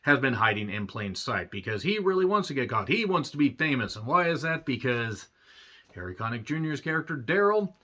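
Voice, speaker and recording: A man giving a casual, rambling film review, swearing freely and clearing his throat often. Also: medium pitch, big pitch swings, brisk, sharp tone. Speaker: movie reviewer. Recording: dull lo-fi recording.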